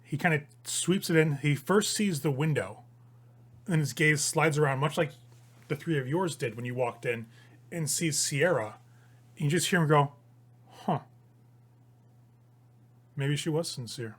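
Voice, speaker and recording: Animated man running a tabletop game. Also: a little high, normal speed, husky. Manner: lively, animated narration. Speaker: game master.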